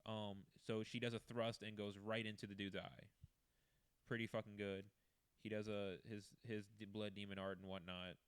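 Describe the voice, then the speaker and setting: A man's voice: fairly low pitch, level tone, moderate pace, clear, resonant tone. A man giving a loose, rambling recap of manga chapters as a casual reviewer, full of fillers and trailing asides.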